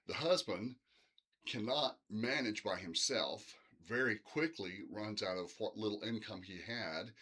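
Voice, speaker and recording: A man's voice: lowish voice, a little slow, bright, forceful tone, husky. A middle-aged man teaching literature in a casual, rambling recorded lecture, full of fillers like "uh" and "um".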